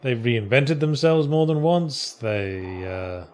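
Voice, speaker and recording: A man's voice: medium pitch, expressive, slow, darkish tone. Male co-host, dry wit, faint background noise. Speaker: co-host reading viewer questions. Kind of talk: casual chat.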